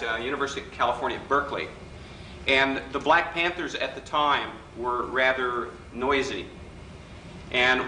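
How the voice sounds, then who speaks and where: A man with a mid-range, pushed and bright voice gives a political persuasion workshop talk to a live audience in a hotel function room. He jokes and teases, acting out quoted voices in his anecdotes. The distant recording sounds echoey, with faint hiss.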